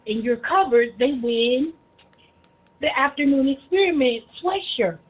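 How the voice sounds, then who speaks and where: Brief: high-pitched, husky woman, animated teasing banter, dull lo-fi sound. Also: measured pace. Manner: animated, teasing, laughs often. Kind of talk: casual teasing chat.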